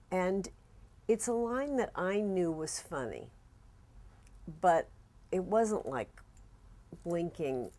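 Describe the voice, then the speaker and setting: Low-voiced woman screenwriter, reflective. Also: mellow. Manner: reflective, conversational. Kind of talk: documentary interview.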